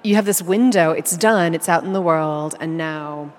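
A woman with a somewhat low voice leads a conversational interview. She talks in a chatty, animated way. Long hall reverb trails her words. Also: moderate pace.

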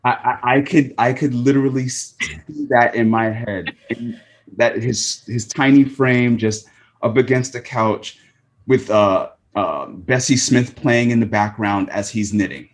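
A man as an interview guest, speaking thoughtfully with frequent pauses and ums. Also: medium pitch. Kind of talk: casual interview.

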